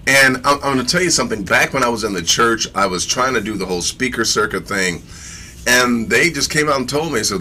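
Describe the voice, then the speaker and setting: A man with a bright, forceful voice gives a casual sermon, reading scripture aloud and stopping to comment. He talks in slangy asides and repeats phrases for emphasis. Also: mid-range voice, animated, fairly quick, slight background noise. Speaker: teacher of scripture.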